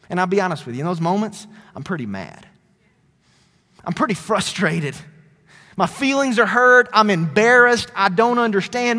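A man preaching a sermon as a pastor, conversational, shifting between loud emphatic lines and quiet, dropped phrases. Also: sits high, normal speed, in a large hall.

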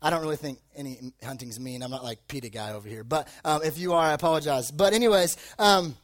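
A young male preacher with a notably high voice speaks to a live crowd. He tells a loose, joking story and leans heavily on filler words as he rambles toward his point. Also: fast. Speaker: youth preacher. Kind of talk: casual sermon with personal story. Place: live talk before an audience.

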